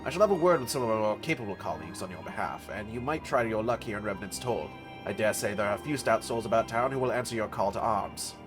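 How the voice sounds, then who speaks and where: A man voicing a steady adventurers' guild official, reading game dialogue in a measured, formal, courteous manner. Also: lowish voice, music in the background, lightly acted.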